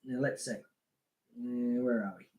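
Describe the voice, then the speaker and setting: A man's voice: mid-range voice, fairly even intonation, slow pace, darkish tone. A man hosting a casual fishing live stream, chatting loosely, reading out names from the chat and laughing often. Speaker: livestream host.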